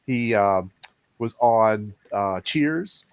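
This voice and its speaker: A man's voice: fairly low pitch, expressive, drawn-out words, smooth. A man co-hosting a casual podcast chat, sharing facts hesitantly with many fillers. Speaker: podcast co-host.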